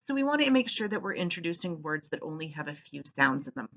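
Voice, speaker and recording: Woman teacher, voice-over, bright and lively, expressive, slightly muffled recording. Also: low voice, quick pace. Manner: clear, expressive teaching delivery. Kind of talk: instructional voice-over.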